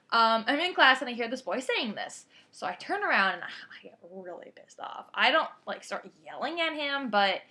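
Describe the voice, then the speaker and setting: A teenage girl telling a rambling story to her camera, energetic and often breaking off mid-thought. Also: fairly high pitch. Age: teens. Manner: energetic, rambling, self-interrupting. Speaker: vlogger. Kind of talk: casual storytelling monologue.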